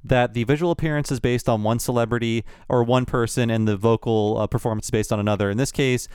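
Wry man with a smooth, mid voice. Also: medium pitch, fast talker, dry recording, clean studio sound. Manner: relaxed, wry, adds trivia with small laughs. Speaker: podcast co-host. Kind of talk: casual chat.

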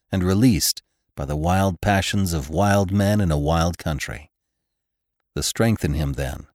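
Deep-voiced man narrating a western. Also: a little mellow, dry recording, studio quality. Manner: measured, dramatic storytelling reading, voicing characters' lines in a low grim tone. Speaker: audiobook narrator. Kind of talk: scripted narration.

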